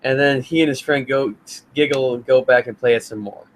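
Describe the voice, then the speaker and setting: Skeptical man, mid-pitched voice. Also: steady tone, brisk, slight background noise, low-quality recording. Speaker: podcast co-host. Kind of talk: casual chat.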